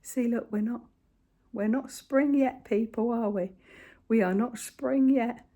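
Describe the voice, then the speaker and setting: An older woman with a husky voice, chatting casually to camera about her crafts as she walks around her kitchen holding the phone. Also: fairly high pitch, a little slow, dark tone. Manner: chatty, rambling, talks to her cat and viewers. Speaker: craft vlogger. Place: home kitchen, indoors.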